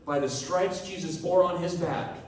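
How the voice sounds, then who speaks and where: Speaking at a moderate pace, a man with a fairly high voice and darkish tone preaches as pastor in a church hall. He keeps it conversational and voices the people in his story, while the room echoes and he sounds distant.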